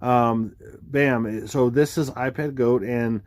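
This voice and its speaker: Rambling excited man, dry close mic. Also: takes it slowly, no room sound. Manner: rambling, excitable, lots of fillers and "boom". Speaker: video creator explaining number theories. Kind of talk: casual screen-share commentary.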